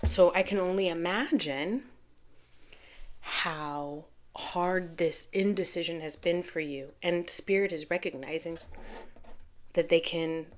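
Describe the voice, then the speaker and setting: A woman's voice: on the low side, takes it slowly. A middle-aged woman giving a channeled tarot reading to camera, earnest and rambling, correcting herself as she goes. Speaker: tarot reader.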